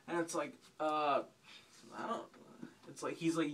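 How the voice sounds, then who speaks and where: A man's voice: fairly high pitch, big pitch swings, normal speed, fairly bright tone, recorded from a distance, a little hiss or hum. A man doing stand-up, telling a rambling, profane, self-mocking story. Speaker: stand-up comedian.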